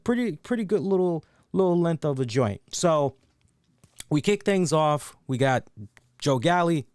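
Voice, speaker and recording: A man's voice: mid-range voice, a little mellow, smooth, no room sound, studio quality. A man hosting a casual solo wrestling review, rambling enthusiastically, repeating words and acting out quotes.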